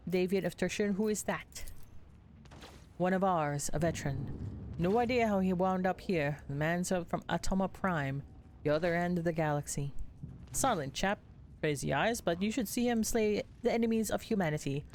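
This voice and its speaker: A woman's voice: on the low side, normal speed, darkish tone, slight background noise, lightly acted. A woman playing a Southern-drawling army sergeant. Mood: earnest. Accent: put-on American Southern. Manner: earnest, deferential, plain-spoken. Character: gruff loyal male sergeant, tired soldier. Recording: game music behind.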